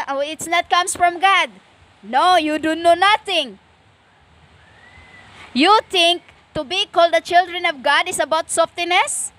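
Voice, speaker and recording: Woman, stern lecturing preacher; very slow, halting delivery, bright tone. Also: extremely high pitch. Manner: stern and lecturing, slow with many pauses and fillers. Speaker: self-styled preacher. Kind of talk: impassioned spiritual monologue.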